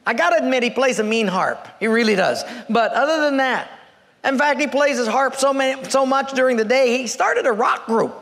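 Folksy joking preacher, high voice. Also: male voice, expressive, brisk, fairly bright tone. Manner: folksy, joking, chuckles between lines. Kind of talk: humorous sermon storytelling. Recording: long reverb from a hall.

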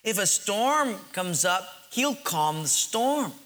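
A man preaching a sermon tells a story with animation, acting out quotes with big pitch jumps. He slows down to stress key phrases.

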